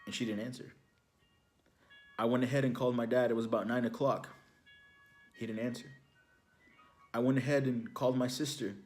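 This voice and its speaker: A man's voice: mid-range voice, steady tone, fairly quick, pauses often, a little mellow, faint music behind. A young man from Houston giving an inspirational testimony message, telling a story casually with fillers like "you know, like". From Houston, Texas, USA. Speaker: ministry speaker.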